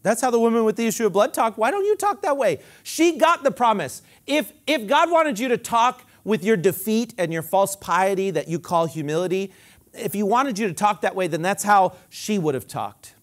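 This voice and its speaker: With an expressive delivery at an ordinary pace, a male pastor preaches and calls for responses from the congregation. He moves back and forth between loud, emphatic lines and quiet, low side comments.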